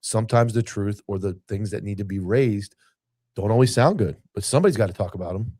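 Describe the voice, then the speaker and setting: A man's voice: on the low side, a little fast, dark tone, dry recording. A man hosting a podcast, talking in a casual, rambling way with many restarts. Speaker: podcast host. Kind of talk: casual chat.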